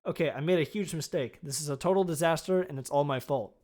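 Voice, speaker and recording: A man reading a livestream script, voicing an earnest, excitable young male bee in a plain everyday voice. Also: a little high, quick pace, close to an everyday voice. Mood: remorseful. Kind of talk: script read aloud on a livestream.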